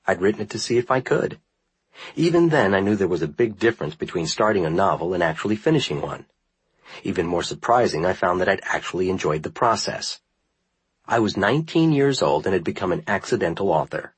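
A man narrating a first-person memoir in a measured, earnest reading style. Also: low-pitched, lively intonation, breathy edge, no room sound, low-quality recording. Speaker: audiobook narrator.

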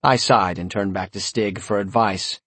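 A man narrating a first-person story in a wry, sardonic tone, with a husky voice. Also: fairly low pitch, fairly even intonation, normal speed, a bit bright, no echo. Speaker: audiobook narrator.

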